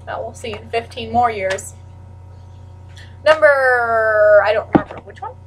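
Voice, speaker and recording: A teenage girl chatting casually to camera in a rambling way, full of "like" and with sudden loud outbursts. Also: fairly high pitch, measured pace, far from the mic, noisy background. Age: teens. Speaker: vlogger.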